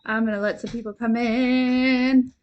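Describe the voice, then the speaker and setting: A young woman hosting a live stream, chatting warmly and rambling, giggling and at times tearful with gratitude. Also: a little high, measured pace, dull audio. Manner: chatty, rambling with many fillers. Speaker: livestream host and intuitive reader. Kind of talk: casual livestream chat.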